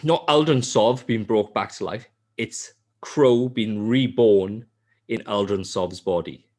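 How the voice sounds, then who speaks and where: A man hosting a podcast, telling a game's story in casual chat, swearing often and mimicking characters. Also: slow pace. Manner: animated storytelling, heavy swearing; acts out character lines in a high voice. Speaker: podcast host.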